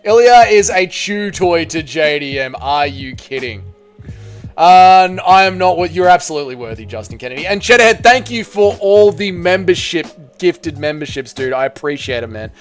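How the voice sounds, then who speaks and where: A man's voice: on the high side, lively intonation, normal speed, soft background music. A man with an Australian accent hosting a live stream, chatting casually, reading out and answering viewer comments, and swearing now and then.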